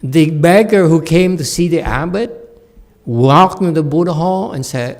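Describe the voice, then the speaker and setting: A man's voice: fairly high pitch, moderate pace. A man giving a dharma lecture in a temple hall, telling stories with folksy, self-deprecating humor and frequent checks of "okay?". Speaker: Buddhist teacher.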